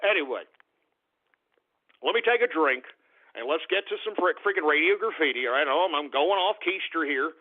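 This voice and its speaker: Ranting, profane high-voiced male radio host. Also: expressive, fairly quick, long pauses. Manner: ranting, profane, shouting insults at trolls. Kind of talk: angry call-in radio rant. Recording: tinny phone-quality radio recording.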